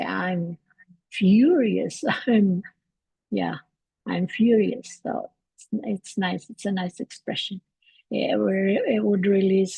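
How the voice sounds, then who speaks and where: A woman hosting a live English lesson from home, talking in a relaxed, halting way with many fillers and restarts. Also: mid-range voice, gravelly, slightly rough, no room sound, poor audio. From Canada. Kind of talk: casual livestream teaching.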